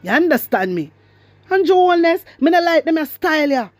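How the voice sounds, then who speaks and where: A woman's voice: extremely high pitch, sing-song, a little fast, no echo. A woman with a Jamaican accent giving emphatic, repetitive political commentary to her viewers, mixing in patois. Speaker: commentary vlogger.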